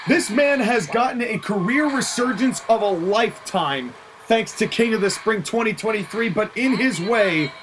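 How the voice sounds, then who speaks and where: A wrestling commentator calling the action play by play, excitable, openly taking sides, and quick to laugh. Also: medium pitch, music in the background, poor audio.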